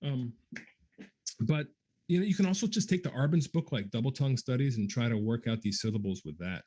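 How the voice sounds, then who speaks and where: A man at a middle, everyday pitch talks through a musical question in a relaxed livestream chat. He thinks aloud with frequent ums and restarts, and breaks into quick scatted articulation syllables to demonstrate. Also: a little hiss or hum. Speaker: guest trombonist answering viewer questions. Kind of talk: casual livestream Q&A.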